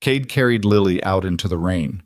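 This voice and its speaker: Low-voiced man narrating a dark story. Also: expressive, no echo, studio quality. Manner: measured, somber, dramatic delivery.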